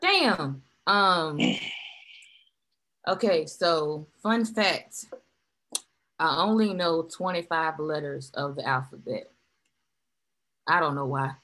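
A woman with a lower, bright voice tells one-liners slowly and deadpan on a podcast. Her pitch still rises and falls widely. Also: rough recording. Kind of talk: telling one-liner jokes.

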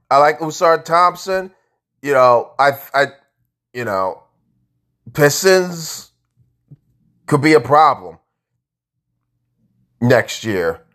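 A guy playing the sports fan vlogger role grumbles casually and with frustration. Loud outbursts keep breaking through his quieter, muttered lines.

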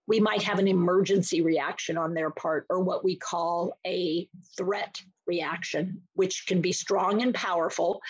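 A woman's voice: on the low side, breathy edge, no echo, highs cut off. A woman explaining dementia care in a podcast interview, acting out small scenes and voices as she talks. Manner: animated, acts out little scenes with voices.

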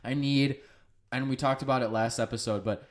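A man's voice: mid-range voice, fairly even intonation, fairly quick. A man trades loose, joking banter as a podcast co-host. He rambles and swears freely in an easy, casual chat.

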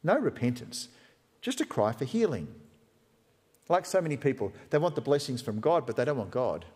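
A man's voice: mid-range voice, very animated, moderate pace, a little mellow, slightly rough, big-room sound. A man preaching a sermon in a church, conversational and humorous, often acting out quotes. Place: church hall with live stream.

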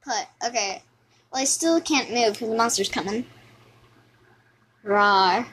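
A woman giving lively, exclamatory commentary over her gameplay, often repeating words in a sing-song way. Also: fairly high pitch, normal speed, a little hiss or hum, low-quality recording. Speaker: gaming video host.

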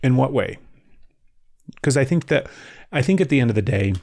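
A man's voice: medium pitch, lively intonation, moderate pace, creaky, a little mellow, dry recording, studio quality. A man in his forties co-hosting a podcast, chatting casually with a blunt, joking manner and casual swearing. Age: 40s. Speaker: podcast co-host. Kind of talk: casual chat.

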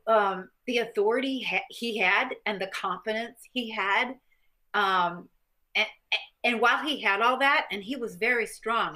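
A woman speaks as a guest on a casual interview show. She tells her stories with animated, self-mocking energy, and her voice has a bright, forceful edge at a middle pitch. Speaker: guest, former boxing champion.

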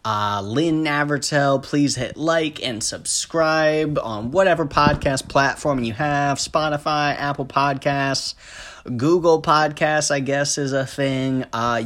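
Young Midwestern male podcaster, unhurried, profane, self-deprecating. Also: mid-range voice, expressive, a bit bright. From American Midwest. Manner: rambling, self-deprecating, profane, with frequent laughs and fillers. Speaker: podcast host. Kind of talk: casual solo podcast monologue.

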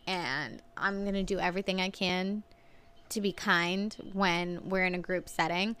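Uma mulher, coapresentadora de podcast, conversando de forma casual e contando histórias com imitações expressivas. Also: female voice, measured pace, smooth. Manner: expressive storyteller, mimics people in big pitch jumps. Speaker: podcast co-host. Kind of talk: casual chat.

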